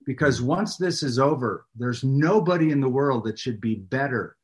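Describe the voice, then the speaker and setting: A man's voice: mid-range voice, normal speed. A middle-aged man, a pastor and author, talking as an interview guest with a preacher's emphasis. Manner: animated, speaks with a preacher's emphasis. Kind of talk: casual interview chat.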